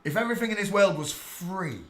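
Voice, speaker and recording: English bloke ranting on his stream about god n money, swears a lot, bright sharp voice, kinda high, echoey room. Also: animated, a little fast. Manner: irate, sweary, preachy, bursts into shouting. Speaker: live stream host. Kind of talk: solo live-stream rant to chat.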